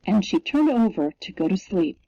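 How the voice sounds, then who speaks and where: Woman storybook reader, lively pitch, slightly raised voice, dry close sound. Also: no echo. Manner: slow, expressive storytelling. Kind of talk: reading a picture book aloud. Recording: dull lo-fi recording.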